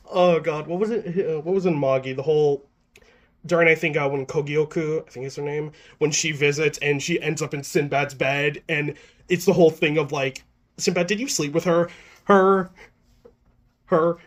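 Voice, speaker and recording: A man with a slightly higher voice talks through a manga chapter in a loose, chatty way. He stumbles and restarts often, sounding a little nervous. He keeps a lightly amused tone throughout. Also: fairly even intonation, moderate pace. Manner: nervous, stammering with many restarts. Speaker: manga reviewer. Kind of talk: casual chapter review.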